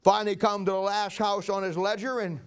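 A male preacher telling a story in a sermon, with a very high voice. He paints scenes in vivid, dramatic detail. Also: level tone, a little fast, clear, resonant tone. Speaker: pastor.

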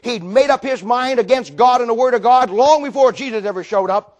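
Fervent older preacher, high-pitched voice. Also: male voice, brisk. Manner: fervent, dramatic storytelling, swings loud to quiet. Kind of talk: sermon.

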